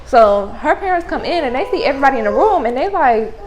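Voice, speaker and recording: A young adult woman telling a story to her vlog audience in a casual, animated, blunt way, full of slang and swearing. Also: high-pitched, fast talker, a little hiss or hum, rough recording. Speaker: vlogger.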